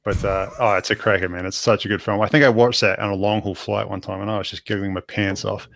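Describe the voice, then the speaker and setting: A man's voice: fairly low pitch, little pitch movement, fast talker, gravelly, a bit bright, no echo. A man with a New Zealand accent, a guest on a casual live-stream chat, trading playful jokes and banter. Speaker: guest radio operator.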